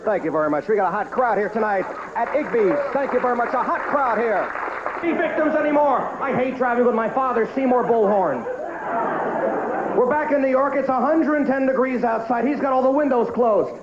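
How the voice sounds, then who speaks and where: A man doing a brash, loud stand-up comedy routine in a comedy club. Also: extremely high pitch, normal speed, heavy background noise. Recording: echoey club, lo-fi tape, loud crowd.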